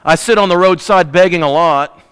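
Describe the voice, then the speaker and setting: A man's voice: sits high, normal speed, a bit bright, smooth, big-room sound, voice pushed up. A man playing a poor blind male beggar who pleads and apologizes. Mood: pleading.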